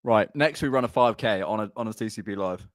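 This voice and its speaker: A man's voice: fairly low pitch, a little fast, no room sound, studio quality. A man hosting a live podcast, out of breath and bantering in a joking, chatty way. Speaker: podcast host. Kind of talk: casual live podcast chat.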